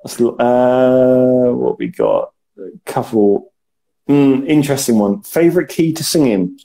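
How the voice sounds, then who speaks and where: A man's voice: mid-range voice, slow pace, vocal fry, mellow. Upbeat man hosting a video call. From southern England. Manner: upbeat, laughs often, stammers. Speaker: interview host. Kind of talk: casual interview chat.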